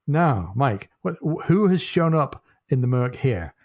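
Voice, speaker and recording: A man's voice: medium pitch, very animated, measured pace, a little mellow. A man co-hosting a podcast in casual chat, reading out announcements and asking his co-host questions. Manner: chatty, reads out announcements.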